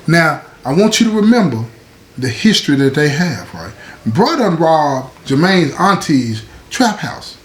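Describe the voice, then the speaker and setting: Guy telling a story casually, bit high voice, echoey room with faint hiss. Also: big pitch swings, unhurried. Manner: conversational, frequent "right?" and "you know what I'm saying". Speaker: host.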